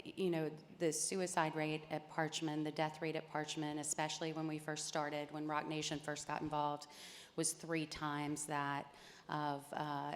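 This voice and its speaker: A woman lawyer speaking on a panel in a measured, explanatory way. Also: low-pitched. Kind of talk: panel discussion. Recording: reverberant conference hall.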